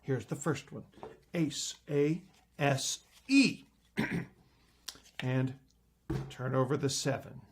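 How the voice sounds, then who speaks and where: A middle-aged man lecturing on card magic, playfully acting out his patter with big jumps in pitch. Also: slow pace, pauses often, a little hiss or hum.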